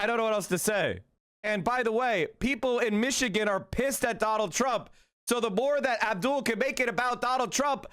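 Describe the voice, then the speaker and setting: A man streaming political commentary in a heated, profane rant, breaking into yelled insults and stumbling over his words. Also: sits high. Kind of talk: casual live-stream commentary.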